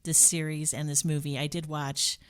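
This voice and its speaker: Woman radio host, lower voice, upbeat and eager interviewer. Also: little pitch movement, normal speed. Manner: upbeat, enthusiastic questions. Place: radio station studio lounge.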